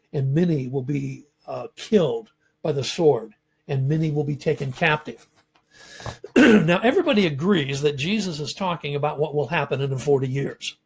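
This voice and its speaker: A man giving a measured, explanatory lecture on scripture as a Bible teacher, pausing often with ums and uhs. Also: on the high side, gravelly, darkish tone, husky.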